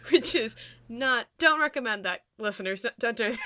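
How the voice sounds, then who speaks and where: A woman's voice: on the high side, wildly swooping pitch, normal speed, bright, forceful tone, no echo, clean studio sound. A young woman co-hosting a podcast in casual chat, chatty and laughing often, with lots of fillers. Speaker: podcast co-host.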